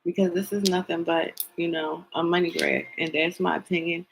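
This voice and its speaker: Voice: medium pitch, flat delivery, moderate pace, creaky, slight background noise, rough recording. A tarot reader giving an opinionated commentary, talking emphatically, repeating words for stress and asking pointed rhetorical questions.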